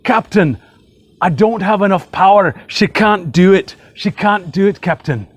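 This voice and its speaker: A man's voice: high voice, a little slow, no room sound, pitched above the performer's own voice. A man putting on a mock Scottish-Irish accent to play a strained male starship engineer pleading with his captain. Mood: urgent pleading. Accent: mock Scottish-Irish blend. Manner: urgent, pleading, exaggerated.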